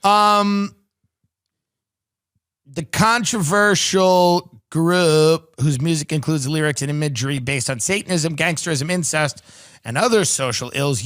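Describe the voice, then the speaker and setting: A man's voice: a little high, a little slow, a bit bright. A man hosting a podcast, reading news articles aloud and riffing on them with sardonic comedic commentary. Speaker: podcast host.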